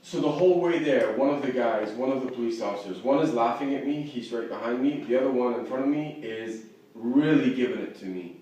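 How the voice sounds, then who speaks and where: A man's voice: medium pitch, brisk, warm tone, recorded from a distance, slight background noise. Agitated man in an echoey room. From not American. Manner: agitated, repeats himself, quotes others. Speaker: interviewee. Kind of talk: upset personal account.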